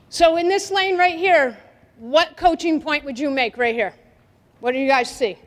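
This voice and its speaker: A woman soccer coach running a drill at a clinic, giving directions and quizzing the players in a lively, energetic way. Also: high voice, normal speed. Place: indoor gym. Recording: long reverb of a gym hall.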